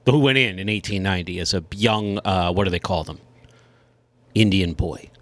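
A man cohosting a podcast, deadpan, spinning absurd stories in casual chat. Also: deep voice, moderate pace, no room sound.

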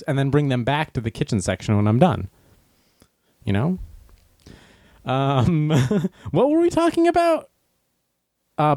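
Male streamer with a lively, somewhat high voice who rambles and self-corrects, recorded dry and close. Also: no room sound. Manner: acts out quoted voices. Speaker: livestreamer. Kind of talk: casual livestream chat.

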